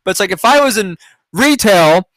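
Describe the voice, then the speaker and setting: A man's voice: high voice, animated, moderate pace, fairly bright tone, dry recording. A man hosting a podcast, reacting to headlines in a rambling, profane, sarcastic rant. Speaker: podcast host. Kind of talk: casual news-reaction rant.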